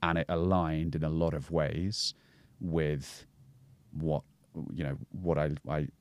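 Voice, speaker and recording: A man's voice: extremely low pitch, fairly even intonation, slow pace, no room sound. A man speaking as a guest on a podcast, talking about breathwork in a reflective way and searching for his words as he goes.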